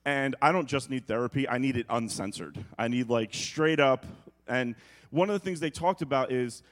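A middle-aged man from New York preaches through a funny personal story, his voice sitting in an ordinary middle register. He is animated, acting out quotes and sound effects and tossing off quick jokey asides. The delivery mixes reflective points with lively bursts of humor. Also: medium pitch. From New York, United States.

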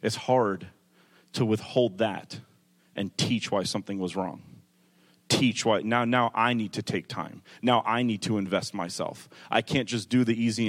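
A male pastor preaching a sermon, moving from calm teaching to rising, emphatic delivery, with conversational asides to the congregation. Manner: builds from calm teaching to loud, high-pitched preaching.

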